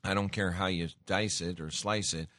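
Man, very low voice, dry close sound, earnest preaching, lots of ums. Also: steady tone, normal speed, pushed and bright, no room sound. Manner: earnest, with many fillers and restarts. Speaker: Christian teacher. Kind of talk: sermon-style teaching.

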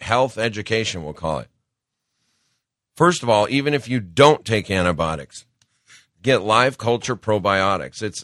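Middle-aged male talk-radio host, folksy and rambling, sick with a cold, low voice, dry studio sound. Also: pushed and bright, no echo. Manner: folksy, rambling, with preachy asides. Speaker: radio show host and business owner. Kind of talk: casual talk-radio monologue.

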